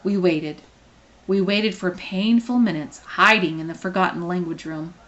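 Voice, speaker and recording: A woman reading a children's novel aloud, expressive and playful. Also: fairly low pitch, normal speed, muffled recording. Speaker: reader.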